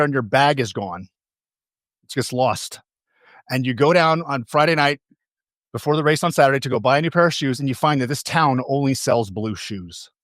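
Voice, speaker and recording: A man's voice: medium pitch, fairly bright tone, no room sound, clean studio sound. A man giving a motivational stage talk as a coach. He tells stories, asks the audience questions and repeats key phrases for emphasis.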